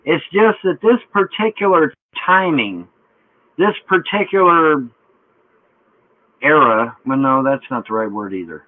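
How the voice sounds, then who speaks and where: A man's voice: a little high, lively intonation, measured pace, dry recording, narrow, tinny audio. A man hosting an online chat room who rambles and jokes. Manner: rambling, joking.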